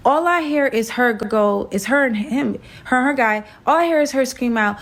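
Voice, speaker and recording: A young woman from Brooklyn tells her story to the camera. Her voice sits a little high. She is animated and slangy and hits each point with emphasis. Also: normal speed, few pauses. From Brooklyn, New York. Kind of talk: storytime vlog.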